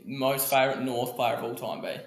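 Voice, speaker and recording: A man's voice: mid-range voice, fairly even intonation. A man co-hosting a podcast, chatting casually and peppering his sentences with "like". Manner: quick, leans on "like". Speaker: podcast co-host. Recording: roomy echo with faint noise.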